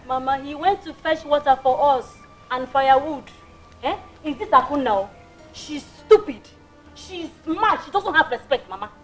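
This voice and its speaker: A woman's voice: sits high, lively intonation, normal speed, soft background music, low-quality recording. An actress playing a resentful Nigerian wife who defies her mother-in-law. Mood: complaining. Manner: defiant. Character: defiant, resentful young wife. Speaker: one of the wives.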